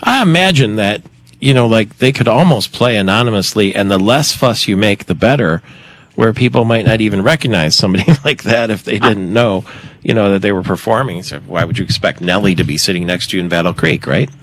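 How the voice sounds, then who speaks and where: A man's voice: on the low side, fairly quick, fairly bright tone. A man hosting a radio show, asking questions and reading promotions in a chatty, upbeat way. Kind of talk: radio interview and live promo.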